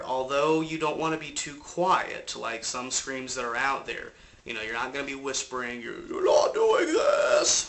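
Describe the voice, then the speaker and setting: Bright-voiced man teaching screaming technique. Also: mid-range voice. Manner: loose, rambling explanations with fillers and occasional swearing. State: has a cold. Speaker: vocal coach. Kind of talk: casual instructional talk. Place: apartment.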